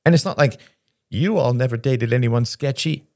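A man voicing a weary, glib young man who speaks softly. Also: mid-range voice, normal speed, no echo, clean studio sound, voice pushed up, close to an everyday voice. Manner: soft, deflecting.

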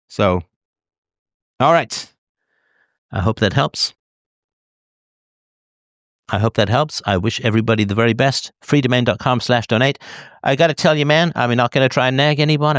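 A man's voice: mid-range voice, no echo. A middle-aged man hosting a podcast, speaking bluntly and emphatically, sometimes mimicking whiny people. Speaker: podcast host. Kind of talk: monologue to listeners.

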